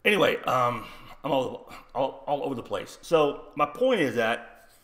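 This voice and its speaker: A retired man rants bluntly on a livestream, swearing constantly as he wanders from one point to the next. His voice sits at an ordinary middle pitch for a man, and his delivery is combative and rough-edged. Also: big pitch swings, a little slow, fairly bright tone. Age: older. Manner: blunt, rambling, heavy swearing. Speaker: livestream host. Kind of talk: profane storytelling rant.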